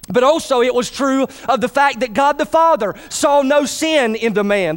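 A man's voice: very high-pitched, fairly bright tone. A man preaching a sermon in church who calls for responses from the congregation.

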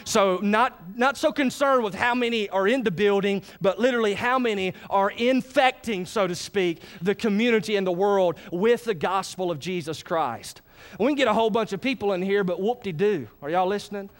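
A man preaching a sermon, animated and folksy, checking in with the congregation often. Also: sits high, normal speed. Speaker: pastor.

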